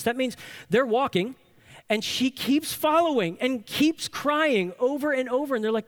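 A man's voice: very high-pitched, expressive, moderate pace. A man preaching a sermon to a congregation, emphatic, asking rhetorical questions and repeating key phrases for weight. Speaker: pastor.

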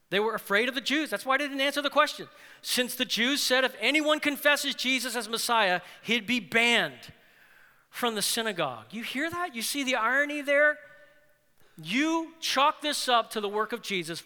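A man preaching a sermon as pastor, animated, swinging between loud emphatic lines and hushed ones. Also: high voice, in a large hall.

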